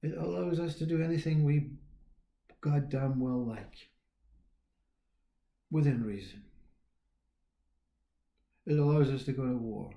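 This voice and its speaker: A man giving a reflective spiritual talk, musing in an unhurried way, trailing off and restarting, with quiet chuckles. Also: medium pitch, vocal fry, reverberant, dull audio. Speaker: spiritual teacher.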